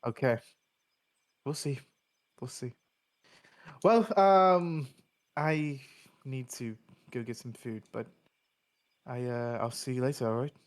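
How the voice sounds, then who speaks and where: Here a man with a mid-range, steady voice takes it slowly and pauses often, lightly acting as a confident young female demigod chess rival. His put-on English accent carries a boastful, cocky tone, dotted with hesitant fillers.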